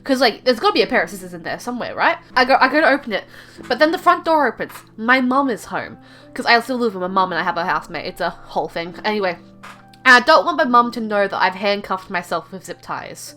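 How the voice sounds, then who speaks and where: A woman's voice: mid-range voice, animated, fast, sharp tone, soft background music. A young woman casually telling a rambling story, heavy on fillers and self-mocking.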